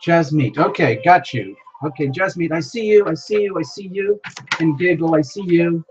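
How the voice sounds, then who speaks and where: At a moderate pace and mid-range pitch, a livestream host makes casual chat on dull-sounding audio. The host reads viewer names aloud and greets them with many excited exclamations, hurrying to keep up with the chat.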